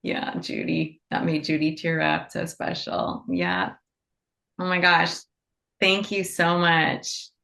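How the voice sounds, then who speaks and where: A woman's voice: fairly low pitch, fairly even intonation, takes it slowly, vocal fry, pushed and bright. Effusive woman hosting online event. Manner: effusive, laughing, playfully self-mocking. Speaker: nonprofit co-founder and event host. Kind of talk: online event closing remarks. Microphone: video call.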